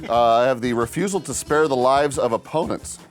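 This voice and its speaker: A man's voice: medium pitch, brisk, faint music behind. A man hosting a lighthearted sports talk show, playful and quizzing his co-hosts. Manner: playful, hams up a pirate captain voice. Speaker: host.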